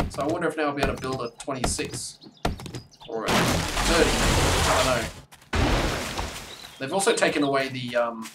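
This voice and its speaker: Rambling male gamer, distant mic, loud noise. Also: mid-range voice. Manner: rambling, chatty, with sudden excited outbursts. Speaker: let's play streamer. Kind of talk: live gameplay commentary.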